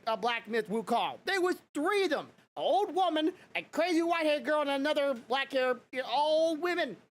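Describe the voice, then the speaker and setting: A man's voice: extremely high pitch, a bit bright, slight background noise. A man hosting a podcast, talking in a loose, rambling way and laughing often between points. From Louisiana and Mississippi, USA. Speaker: podcast host. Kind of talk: casual podcast chat.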